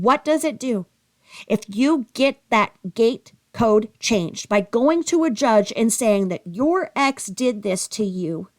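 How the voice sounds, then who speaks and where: A woman giving a heated, sarcastic commentary rant, scolding with rhetorical questions and audibly angry. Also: fairly high pitch. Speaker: commentary YouTuber.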